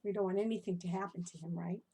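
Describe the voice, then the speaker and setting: A woman reading her own animal rhymes to young children, animated and encouraging, often stopping to ask the listener questions. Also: on the low side, quick pace, breathy edge. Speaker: children's storyteller. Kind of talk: interactive storytelling for children.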